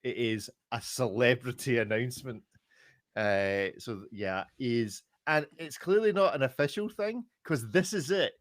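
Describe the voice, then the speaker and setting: A man's voice: medium pitch, measured pace, dry recording, studio quality. A man hosting a casual podcast, chatty and joking, laughing often. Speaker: podcast host.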